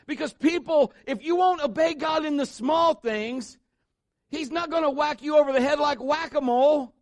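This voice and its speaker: High-voiced man preaching a sermon. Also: normal speed, dry recording. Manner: joking asides, voices quotes. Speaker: pastor. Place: church.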